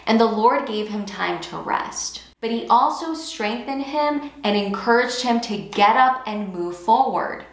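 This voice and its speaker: A woman's voice: fairly high pitch, lively intonation, unhurried, few pauses, reverberant. A woman giving an earnest devotional talk, stressing and repeating key phrases as she encourages listeners. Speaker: Christian teacher. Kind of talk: devotional teaching with scripture reading.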